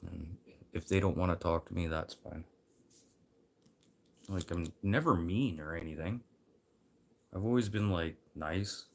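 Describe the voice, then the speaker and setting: A man rambling casually to his livestream viewers, swearing freely and swinging from low mutters to loud encouragement. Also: measured pace, gravelly, pauses often.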